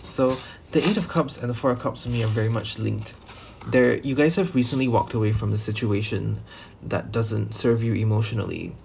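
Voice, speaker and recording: A man's voice: fairly low pitch, moderate pace, gravelly, a little mellow, slight background noise. A man giving a casual tarot reading, rambling loosely with many fillers and restarts and the odd swear word. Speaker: tarot reader.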